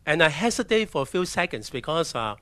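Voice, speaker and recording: A man from China, telling his personal story as a missionary in a halting way, often restarting his sentences. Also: a little high, very animated, pushed and bright, no room sound. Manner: halting, with restarts and acted-out quotes. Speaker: missionary speaker. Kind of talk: personal testimony talk with slides.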